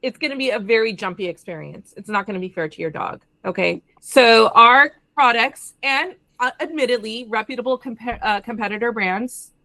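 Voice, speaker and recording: A woman brand representative explaining a product in a lively conversational way, often checking in with the listener. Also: a little high, normal speed, creaky, few pauses, no room sound. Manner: animated, addresses listeners directly with frequent "okay?".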